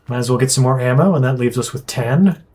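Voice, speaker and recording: A man streaming a strategy game, chatting casually and thinking aloud with quick asides. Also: mid-range voice, darkish tone, soft background music. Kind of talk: casual gameplay chat.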